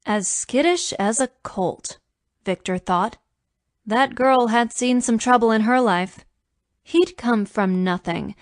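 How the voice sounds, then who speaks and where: A woman narrates a romance audiobook in a measured storytelling manner, at a middle pitch. The recording is dry and close, with no room sound. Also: dry recording.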